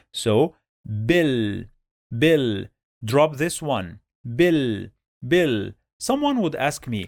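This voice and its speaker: Slow, patient male teacher. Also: medium pitch, dry recording, studio quality. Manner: drills sounds by repeating them many times. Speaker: Arabic reading teacher. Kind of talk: slow step-by-step pronunciation lesson.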